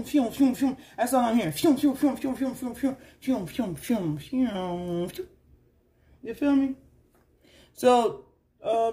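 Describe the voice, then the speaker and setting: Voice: mid-range voice, darkish tone. A tarot reader giving a casual spoken reading, talking in a loose, repetitive and coaxing way.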